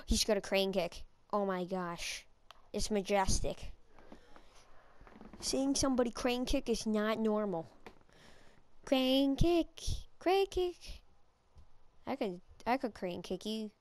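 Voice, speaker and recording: A woman's voice: medium pitch, clear, resonant tone, no echo. A woman giving playful, goofy live commentary while playing a shooter game, with silly chants and voices. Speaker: gamer.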